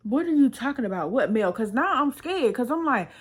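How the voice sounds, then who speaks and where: A woman's voice: a little high, big pitch swings, fairly quick, husky. A young woman casually telling a personal story on her vlog, chatty and full of slang, often quoting what others said. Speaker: storytime vlogger.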